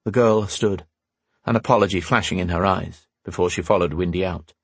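A man reading a fantasy novel aloud in calm, even scripted narration. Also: low-pitched, brisk, husky, dry recording. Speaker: audiobook narrator.

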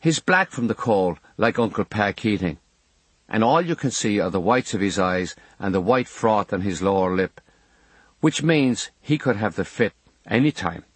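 A man's voice: on the low side, lively intonation, moderate pace, slightly rough, dry recording. Wry man reading a memoir. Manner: wry, storytelling. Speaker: audiobook narrator. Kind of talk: memoir audiobook narration.

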